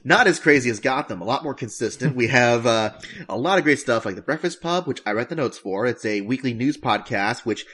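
A man's voice: mid-range voice, animated, a little fast, fairly bright tone, breathy edge. A man as a guest on a casual podcast, talking in a self-deprecating way.

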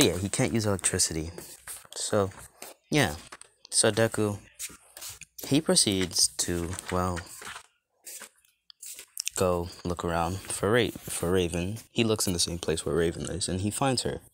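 Man, deep voice, casual storyteller, loose and rambling, lots of fillers. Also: fairly bright tone, slight background noise. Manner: rambling, many fillers and restarts. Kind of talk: casual fan-story retelling.

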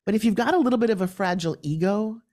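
A woman's voice: racing, warm tone. Emphatic middle-aged New woman. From New York. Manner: emphatic, jumps into quoted dialogue with big pitch swings. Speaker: guest, pitch coach. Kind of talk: animated storytelling interview.

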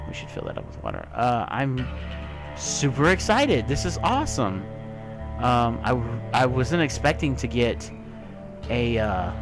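A man casually commenting on his own gameplay as a let's play host, muttering to himself, swearing and breaking into loud excited yelps. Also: medium pitch. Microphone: desktop mic with software trouble.

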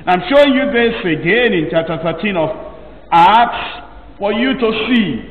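A man with a high voice delivers a sermon at an unhurried, deliberate pace. He leans on each phrase with emphasis. The sound is dull and distant, caught from far off in an echoey hall with a long reverb tail. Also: lively intonation. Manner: slow, emphatic preaching with drawn-out phrases. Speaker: pastor.

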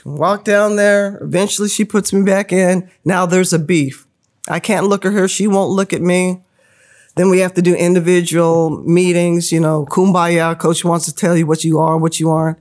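Animated storytelling woman, laughing often. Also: fairly low pitch, moderate pace. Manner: lively, laughs often, acts out quoted voices. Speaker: podcast guest.

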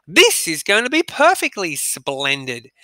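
A man reading as an excited schoolboy. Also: high-pitched, no room sound, voice pushed up, exaggerated voice. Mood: delighted. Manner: read aloud slowly and brightly for dictation. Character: boy, cheerful, excited schoolboy.

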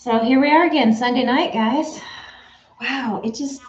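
Greeting viewers by name, this woman chats casually as she runs a live sewing stream from her home studio, speaking at normal speed in a high voice. A camera mic in the room gives a roomy, slightly dull sound with a little hiss or hum.

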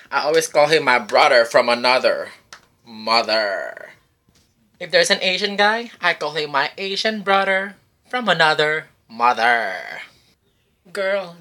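A man's voice: on the high side, animated, measured pace, sharp tone. A man, a karaoke host, telling campy jokes in a vlog monologue. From Philippines. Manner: campy, joking, teasing. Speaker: cruise ship karaoke host.

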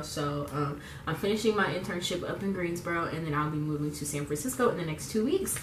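A woman's voice: lowish voice, a bit bright, echoey room, distant mic, slight background noise. A young woman chatting in a rambling, casual way full of fillers while getting ready on camera. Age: young adult. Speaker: beauty vlogger. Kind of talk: casual get-ready-with-me chat.

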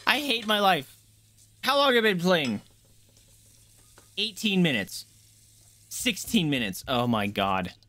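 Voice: mid-range voice, sing-song, slow pace, pauses often, pushed and bright, slight background noise. A streamer doing live horror gameplay commentary, jumpy and swearing a lot, shrieking at scares and talking straight to the chat. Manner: talks to chat directly.

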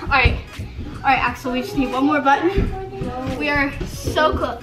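A woman's voice: high voice, a little slow, over loud music. A young woman vlogging casually, bubbly and giggly, slipping into a sing-song voice for a baby and getting out of breath. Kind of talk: casual vlog narration.

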